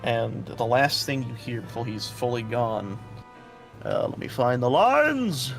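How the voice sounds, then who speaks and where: A man's voice: mid-range voice, big pitch swings, slow pace, vocal fry, soft background music. A man running a tabletop game as dungeon master, narrating in a loose, chatty way with lots of fillers.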